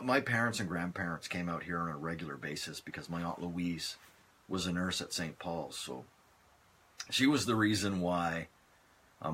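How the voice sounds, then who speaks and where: A man hosting a casual live stream from his phone, chatting in a relaxed, rambling way as he answers viewer comments. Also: low-pitched, breathy edge.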